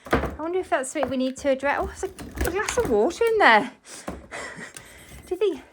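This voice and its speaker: A woman with a high-pitched, expressive voice talks at a normal speed while cleaning her living room for a vlog. She chats to viewers as she moves around the space, with background noise audible.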